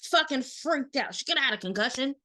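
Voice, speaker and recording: A woman in her thirties on a casual podcast, recounting a family story with lively acted-out quotes and plenty of swearing. Her voice is bright and sits fairly high. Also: brisk. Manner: animated storyteller, acts out quotes, swears freely. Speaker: podcast co-host.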